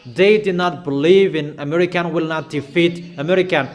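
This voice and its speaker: A man with a notably high voice delivers a sermon, hammering his points home through repetition. His delivery is declamatory and insistent. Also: normal speed. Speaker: preacher.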